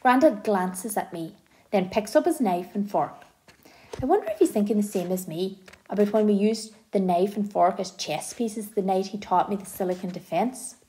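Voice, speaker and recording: Woman, audiobook narration, gentle storytelling, mellow dark tone. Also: medium pitch, moderate pace.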